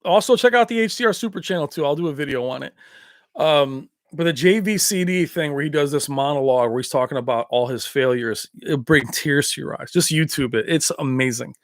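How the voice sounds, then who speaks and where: A man's voice: a little high, brisk, no echo, studio quality. Rambling man hosting a livestream chat. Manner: rambling, laughs often. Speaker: livestream host.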